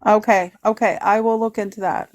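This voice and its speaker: A woman's voice: mid-range voice, fairly even intonation, a little fast. A woman with a Canadian accent in a candid, casual livestream chat, laughing often and answering viewer comments. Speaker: livestream guest.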